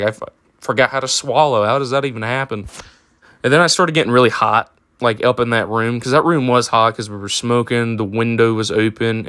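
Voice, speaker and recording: A man's voice: medium pitch, fairly bright tone, clean tone, no echo, studio quality. A young man telling a personal story in a casual, rambling way, with lots of fillers and swearing. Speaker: storytime vlogger.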